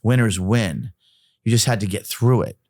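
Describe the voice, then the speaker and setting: A man's voice: fairly low pitch, moderate pace, a little mellow, dry recording, studio quality. A middle-aged man, a podcast guest, talking casually and emphatically, often repeating himself and restarting sentences.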